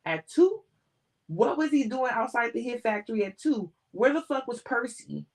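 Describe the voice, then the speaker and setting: A woman's voice: fairly high pitch, sing-song, normal speed, pitched above the performer's own voice. A woman reading a novel aloud voices a shocked, angry male music executive, raising her voice in urgent questions.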